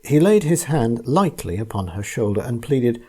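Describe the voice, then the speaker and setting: A man narrating an old ghost tale in a calm, measured reading voice. His tone is mellow and soft-edged, with a husky grain. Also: medium pitch. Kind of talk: scripted storybook narration.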